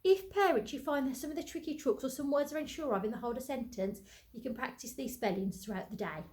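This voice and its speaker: A woman's voice: sits high, fast talker. A woman teacher, giving a phonics lesson and sounding out letters in an encouraging way. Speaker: primary school teacher. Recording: echoey room, faint background noise.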